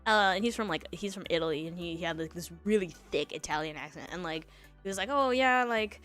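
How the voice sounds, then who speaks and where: A woman's voice: on the low side, fast, a bit bright, soft background music. A young woman streamer telling a story in casual chat, rambling with lots of fillers and laughs between thoughts.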